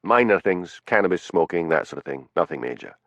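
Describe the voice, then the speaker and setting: A man's voice: low-pitched, big pitch swings, a little fast, dry recording, dull audio. A man voicing a matter-of-fact police detective explaining things over the phone.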